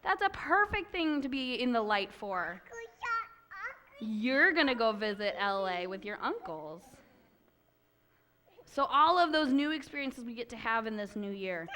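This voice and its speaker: A woman pastor with a fairly high voice leans in to talk with children in a church. She asks gentle, coaxing questions, and a faint hiss sits under the recording. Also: big pitch swings, unhurried, pauses often. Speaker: pastor giving a children's message. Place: church sanctuary.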